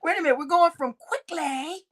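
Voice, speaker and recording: A woman's voice: high-pitched, normal speed, fairly bright tone. A woman hosting a casual livestream, laughing constantly between remarks and swearing freely. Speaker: livestream host.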